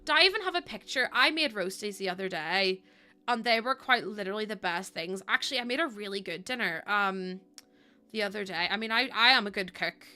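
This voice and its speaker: A woman's voice: medium pitch, animated, a little fast, pushed and bright. A young woman streaming, chatting casually with her viewers and laughing often. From Ireland. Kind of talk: casual live-stream chat.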